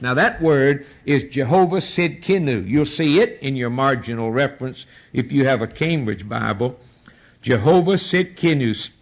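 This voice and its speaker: A man preaching a sermon, emphatic, his voice swinging up and down as he stresses points and spells out words. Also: a little high.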